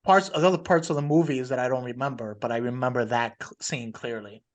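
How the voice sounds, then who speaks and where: A man co-hosting a podcast, telling stories in a relaxed way and laughing often. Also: medium pitch, fairly quick. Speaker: podcast co-host. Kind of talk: casual chat.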